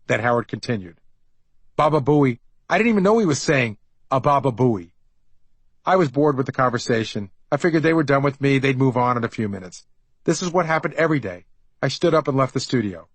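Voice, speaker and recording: A middle-aged man reading his own memoir, wry and chatty, mid-pitched, dry close mic. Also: lively intonation, fairly quick, husky, dry recording, rough recording. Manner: wry, conversational storytelling. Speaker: author narrating his memoir. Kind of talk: audiobook memoir narration.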